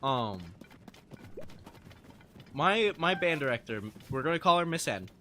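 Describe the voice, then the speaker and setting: Animated, swearing young man streamer. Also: on the high side, a little slow, a little hiss or hum. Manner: animated, swears freely, laughs often. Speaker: live streamer. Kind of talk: casual storytelling to live chat.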